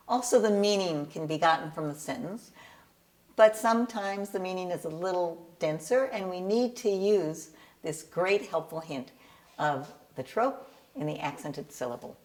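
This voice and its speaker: A woman who tutors bar and bat mitzvah students in cantillation, patiently explaining her teaching method and singing short examples. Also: lowish voice.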